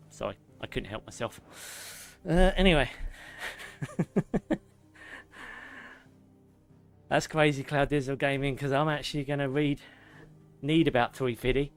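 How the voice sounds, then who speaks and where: Man reading game lore aloud. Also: medium pitch. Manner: slow, drawn-out reading, joking banter between passages. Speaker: gaming streamer.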